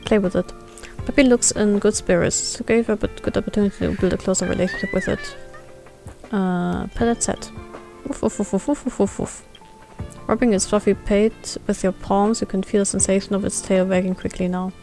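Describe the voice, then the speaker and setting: A woman's voice: mid-range voice, very animated, brisk, darkish tone, faint music behind. A woman streamer, playfully reading game dialogue aloud as she plays and barking along for the dog. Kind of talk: reading game text aloud while playing.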